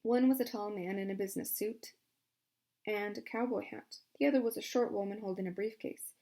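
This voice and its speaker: Woman reading a storybook aloud. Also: brisk. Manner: shifts pitch and loudness for each character. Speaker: audiobook reader. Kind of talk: storybook narration with character voices.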